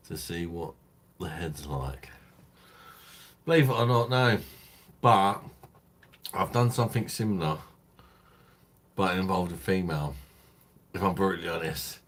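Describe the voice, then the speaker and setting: A man hosting a beer review live stream, chatting casually in a crude, rambling way and laughing often. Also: low-pitched.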